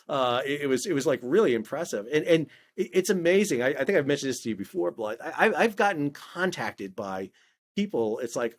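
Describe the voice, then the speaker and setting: A man's voice: mid-range voice, a little fast. Chatty middle-aged man telling stories. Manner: animated storyteller, frequent stammered restarts. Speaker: podcast guest, maritime historian. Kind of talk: casual conversational interview.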